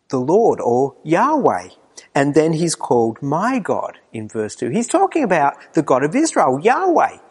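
A man preaching a sermon with earnest emphasis. He asks his listeners pointed questions and often drops to a hushed tone. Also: medium pitch, long reverb tail.

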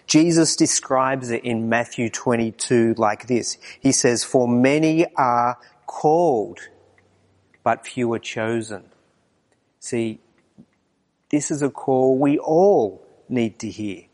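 A man preaching a morning sermon, moving between quiet low passages and raised, emphatic lines. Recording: long reverb of a hall.

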